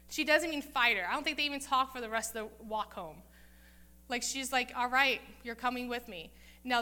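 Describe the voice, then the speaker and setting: Woman chatting thru a bible story sermon, bright higher voice, acts out the lines. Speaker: Bible teacher.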